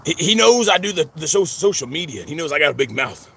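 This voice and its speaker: Fast-talking gravelly man, stammering. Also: on the high side, very animated, noisy background. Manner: repeats 'friends' constantly, stammering restarts. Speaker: vlogger. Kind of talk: rambling personal vlog. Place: outdoors at a cemetery.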